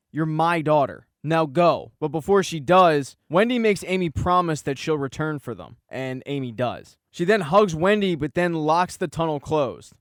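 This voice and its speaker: A man hosting his channel, telling a TV episode recap as scripted narration in a brisk storytelling way. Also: on the high side, dry recording, clean studio sound. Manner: brisk storytelling, reading quoted dialogue in his own voice. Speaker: channel host.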